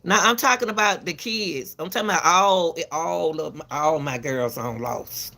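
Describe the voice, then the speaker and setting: Deep, bright and forceful with vocal fry, this woman speaks at a moderate pace as a commentary channel host. Her casual camera commentary is emphatic and repetitive, lecturing parents and calling viewers "baby," with frequent stumbles and restarts.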